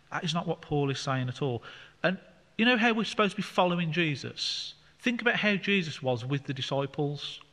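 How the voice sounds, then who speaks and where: A man's voice: a little high, animated, normal speed, sharp tone. A man leading a Bible study, explaining scripture in a conversational way with fillers. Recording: long hall reverb.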